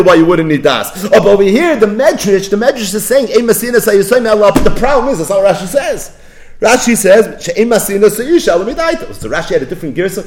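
Animated man giving a lecture. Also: high-pitched. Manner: animated, singsong quoting of texts, rising to near-shouts. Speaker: Talmud teacher. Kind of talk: yeshiva-style Talmud lecture.

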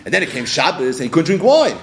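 Animated Yeshiva-English Talmud teacher. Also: male voice, a little high, quick pace. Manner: animated, acts out little scenes with voices. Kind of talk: Talmud class lecture.

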